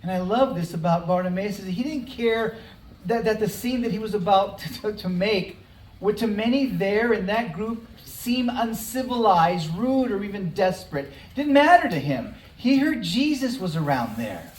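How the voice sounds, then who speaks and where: Pastor telling a bible story in a sermon, mid pitch, faint room noise behind. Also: expressive. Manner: conversational storytelling with dramatic pauses. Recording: roomy hall, mic at a distance.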